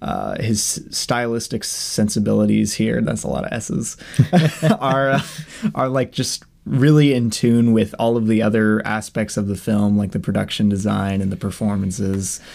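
A young man co-hosting a casual film review podcast, enthusiastic and quick to laugh. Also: lowish voice, creaky, a little mellow. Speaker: podcast co-host.

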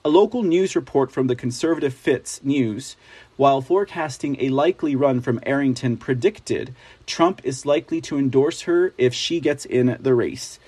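A man hosting a live-streamed political commentary show, reading out articles and chatting excitedly with his viewers. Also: mid-range voice, husky, dry recording.

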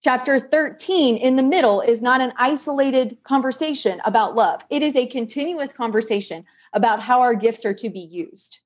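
Emphatic woman with a preacher's cadence. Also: a little high. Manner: emphatic, preacher-like delivery in quick bursts. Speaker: podcast guest. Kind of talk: faith-based leadership conversation.

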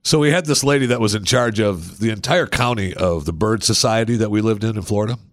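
A man's voice: on the low side, quick pace, dry recording, studio quality. A man hosting a podcast, telling rambling, self-mocking anecdotes in a casual way. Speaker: podcast host. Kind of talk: casual storytelling.

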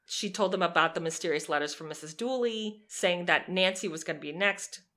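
A young woman co-hosting a podcast, telling a true crime story in a lively, sarcastic way and swearing freely. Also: lowish voice, fairly quick. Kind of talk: casual storytelling chat.

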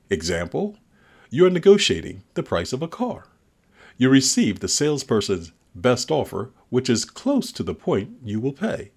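A man reading a scripted lesson on negotiation in a measured, instructional way with deliberate emphasis. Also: mid-range voice, darkish tone, slightly rough. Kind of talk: scripted narration.

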